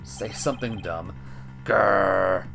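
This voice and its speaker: A man's voice: on the low side, lively intonation, fairly quick, over music, close to an everyday voice. A man voicing a smug, sneering thug who gloats over the people he has just beaten. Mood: gloating. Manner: mocking, gloating. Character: smug sneering male landlord thug, taunting.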